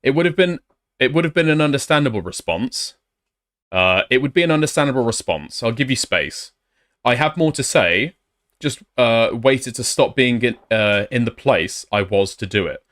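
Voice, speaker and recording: A man's voice: medium pitch, lively intonation, normal speed, a bit bright. Sarcastic male commentator, blunt, reads messages aloud.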